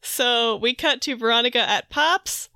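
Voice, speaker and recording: A woman with a bright, fairly high voice chats casually as a podcast co-host. She giggles often and slips into quick voices for comic characters. The sound is dry and close. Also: clean tone, dry recording. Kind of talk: casual chat, recapping a comic.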